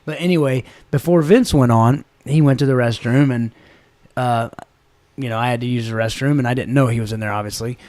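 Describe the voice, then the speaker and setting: Male podcast co-host, mid-pitch, dry close sound, laughing storyteller who acts out quotes. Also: brisk, a little mellow, dry recording. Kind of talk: casual chat.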